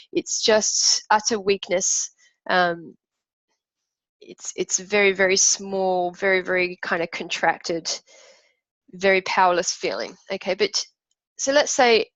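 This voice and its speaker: A woman's voice: medium pitch, no room sound, lo-fi sound. A woman teaching an emotional technique, talking through imagined inner voices in an earnest, reflective way. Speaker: emotional wellbeing coach.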